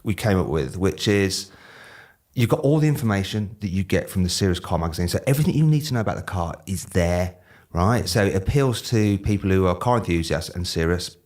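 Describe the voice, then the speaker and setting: A man's voice: low voice, expressive, fairly quick, a little mellow. A man, a car video presenter talking casually and self-deprecatingly in a podcast interview.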